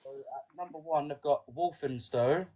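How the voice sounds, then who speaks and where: A man's voice: on the high side, normal speed, mellow. Hesitant man reading a list aloud. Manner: hesitant, filler-heavy, reads stiffly. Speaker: podcast guest, angler. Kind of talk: casual podcast chat and reading aloud.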